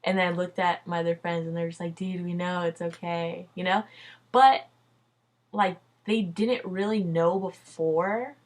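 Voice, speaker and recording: A woman's voice: fairly low pitch, a little slow. A young adult woman telling a personal story in a casual vlog, chatty and loose, full of "like" and "dude", swearing freely. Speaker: vlogger.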